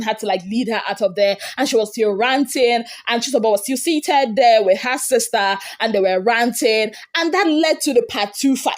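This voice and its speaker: A woman hosting an entertainment gossip show, recapping reality TV fights in a casual, animated way. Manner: animated retelling, acting out quotes with big pitch jumps.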